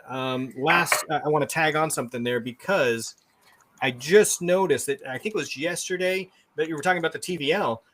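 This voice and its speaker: Lively, chatty male podcast host. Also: on the high side. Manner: animated, chatty questioning with restarts. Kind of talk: casual interview questions.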